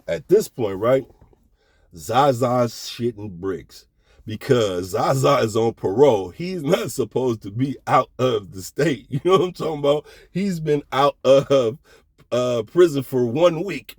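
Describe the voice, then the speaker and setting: Animated middle-aged man telling a story. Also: medium pitch, a little slow, no room sound. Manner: animated, slangy, keeps checking in with the listener. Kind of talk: casual storytelling.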